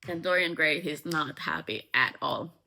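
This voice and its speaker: A woman's voice: deep voice, expressive, moderate pace, gravelly, sharp tone, slight background noise. A woman casually retelling a novel's plot in a chatty way, full of likes and ums. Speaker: book explainer.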